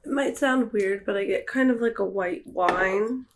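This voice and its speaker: Female co-reviewer, mid-pitched, relaxed tasting chat with dry one-liners. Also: a little slow, slight background noise. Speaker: beer reviewer co-host.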